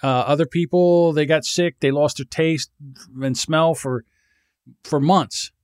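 A man's voice: on the high side, unhurried, smooth, no echo, clean studio sound. A man co-hosting a podcast, rambling and swearing freely, often laughing. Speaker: podcast co-host. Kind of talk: casual podcast banter.

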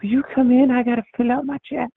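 A man's voice: level tone, quick pace, gravelly, no room sound, phone-quality sound, exaggerated voice. A man putting on a warbling old Southern lady. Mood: doting. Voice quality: high warbling grandma voice. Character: tipsy old Southern-belle lady calling for her lawn boy.

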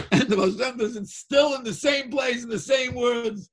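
A man with animatedly telling a story, excitable, laughing often, repeating his words and breaking into snatches of melody. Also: very high-pitched, measured pace, slight background noise.

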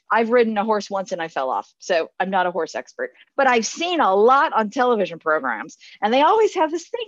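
A woman in her forties, a pastor giving a sermon, earnest and reflective, often restarting her sentences and laughing softly. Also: fairly high pitch, dry recording, lo-fi sound.

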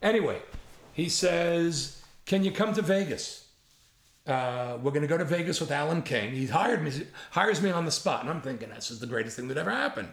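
A man's voice: fairly high pitch, a little fast, gravelly, reverberant. A man in his seventies, a comedy writer, telling casual anecdotes with imitations and frank swearing. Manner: lively storyteller who imitates others and swears freely.

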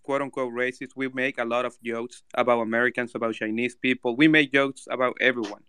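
Halting man with a smooth voice. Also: mid-range voice, steady tone, bright, forceful tone, no room sound, clean studio sound. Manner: halting, searching for words. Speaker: panelist. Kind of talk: casual chat.

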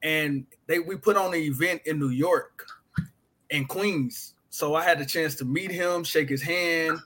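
A man speaking earnestly in casual conversation, halting and restarting as he goes. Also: fairly high pitch, bright, forceful tone. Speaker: guest.

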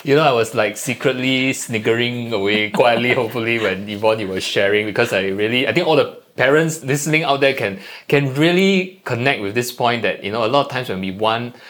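A man hosting a podcast, reflecting casually with quick asides. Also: medium pitch, fairly bright tone. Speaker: podcast host. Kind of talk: casual interview chat.

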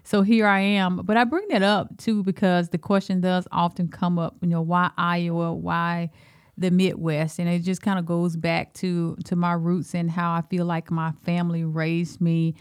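A Southern woman from Alabama tells her story in a measured, earnest way. Her voice sits low and keeps a steady, even melody. The sound is dry and close, with no room around it. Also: smooth, dry recording. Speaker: school superintendent, guest. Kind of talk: podcast interview.

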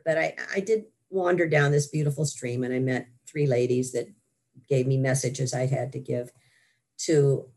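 Older woman guest, gravelly and husky, animated storyteller who laughs easily. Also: sits low. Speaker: guest author. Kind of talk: interview storytelling.

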